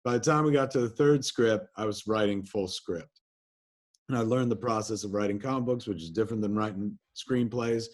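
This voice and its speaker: Man from New Jersey, interview guest, lowish voice, casual storytelling, animated, swears a lot. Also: a little fast. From New Jersey, USA. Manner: animated anecdotes, acts out quotes, swears freely. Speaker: interview guest, filmmaker and comics writer.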